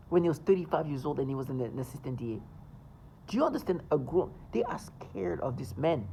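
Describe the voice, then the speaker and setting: A man's voice: on the high side, dark tone, slight background noise, low-quality recording. A man delivering an agitated, insistent monologue to his viewers, rambling and emphatic. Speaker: vlogger.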